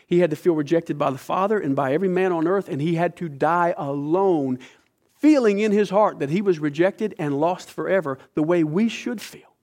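A middle-aged male preacher gives a sermon to his congregation in a somewhat high voice at normal speed. His impassioned, dramatic delivery swings suddenly in loudness, sinking to near hushes and then rising sharply in force.

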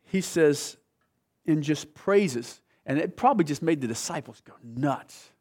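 A man preaching a sermon with animated storytelling, his voice sitting a bit higher than most men's. He acts out the people in the story and sinks to soft, hushed lows for emphasis. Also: a little slow, slightly rough. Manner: animated storytelling, acting out quoted voices, soft dramatic drops.

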